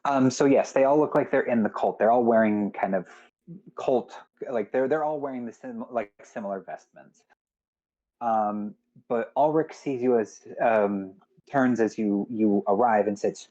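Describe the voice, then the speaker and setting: A man's voice: medium pitch, measured pace, warm tone, dull audio. A man running a tabletop game as game master on a live stream, hesitant with frequent ums. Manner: hesitant, with many ums and restarts.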